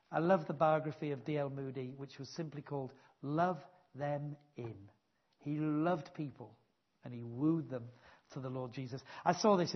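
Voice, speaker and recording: Man, preacher, sermon, earnest, emphatic, self-deprecating, husky voice, dull lo-fi sound. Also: on the high side.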